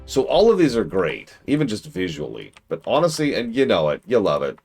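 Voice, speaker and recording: A man streaming a game, rambling casually with self-corrections and excitable asides. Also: fairly low pitch, brisk, breathy edge. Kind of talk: casual gaming stream commentary. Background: game music.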